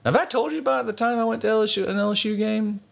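A man telling stories in a casual chat, animated and laughing often while acting out the people in them. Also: high voice, fast, creaky.

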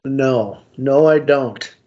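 Man, podcast co-host, slow and terse, dry wit, dull lo-fi audio. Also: medium pitch, warm tone. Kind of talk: casual chat.

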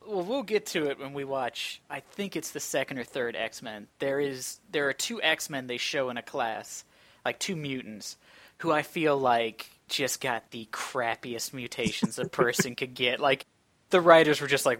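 A man's voice: medium pitch, measured pace, fairly bright tone, no echo. Sarcastic young male podcast co-host. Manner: opinionated, sarcastic, uses many "like" fillers. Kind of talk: casual chat.

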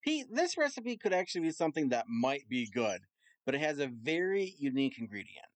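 Playful male podcast host, lively pitch, dry close sound. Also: a little fast, no echo. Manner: teasing, quizzing, reads out recipes. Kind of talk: casual comedic chat over a remote call.

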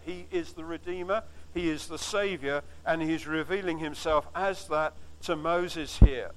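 A man preaching a sermon, teaching from the Bible with earnest, emphatic repetition and slowed, stressed phrases. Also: a little high, a bit bright, a little hiss or hum, rough recording.

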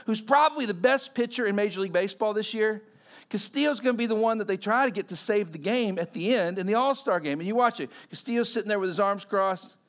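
A man's voice: very high voice, gravelly. A man preaching a sermon, telling stories and acting out the quotes in them. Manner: animated storytelling, acting out quotes.

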